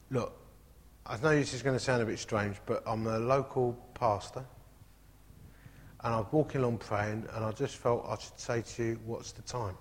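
A man, a pastor telling stories from the pulpit with comic asides and lively storytelling. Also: mid-range voice, husky. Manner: animated anecdotal, comic asides. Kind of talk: storytelling sermon. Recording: echoey hall.

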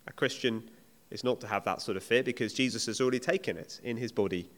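A man's voice: mid-range voice, quick pace, a bit bright. A man preaching a sermon in an earnest, emphatic, conversational way. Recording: long reverb of a hall.

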